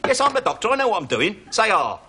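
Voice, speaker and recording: Brief: chirpy burglar posing as a doctor, middle-aged, lively and fairly high voice, noisy old TV recording. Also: male voice, fast talker. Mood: cheeky. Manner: chatty, bluffing, full of tag questions. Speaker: comic actor in a sketch. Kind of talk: television sketch comedy acting.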